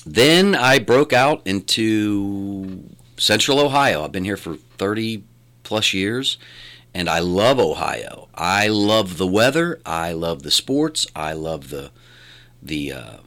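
A man's voice: on the low side, slow pace. A middle-aged man with a West Virginia accent, talking as an interview guest in a rambling way with many restarts. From born in Louisiana, raised in West Virginia. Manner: rambling, animated, restarts often. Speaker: guest, filmmaker and radio announcer. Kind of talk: conversational interview.

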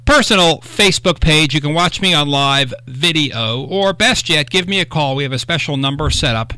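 A man hosting a radio talk show, chatting casually with quick joking asides. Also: on the high side, lively intonation, sharp tone, clean tone, no room sound. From upstate New York.

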